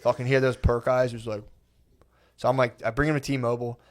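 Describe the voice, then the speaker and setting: A young man telling a profane, animated comedy story on a podcast, acting out the quoted lines. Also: medium pitch, quick pace. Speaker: podcast guest.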